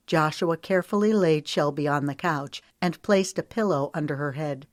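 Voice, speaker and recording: A woman narrating an audiobook in a steady, measured storytelling manner. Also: low voice, no room sound, clean studio sound.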